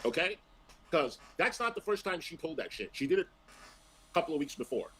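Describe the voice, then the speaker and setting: A man's voice: on the high side, very animated, a little fast, a bit bright, a little hiss or hum, poor audio. A man in a played stream clip, ranting defensively about being wronged, with heavy swearing. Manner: aggrieved, defensive, profane.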